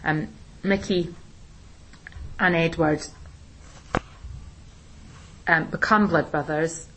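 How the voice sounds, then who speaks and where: A woman teacher explaining a play in a relaxed discussion, with plenty of ums and restarts. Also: sits low, drawn-out words, slight background noise, poor audio. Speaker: English teacher. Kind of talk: recorded literature lesson discussion.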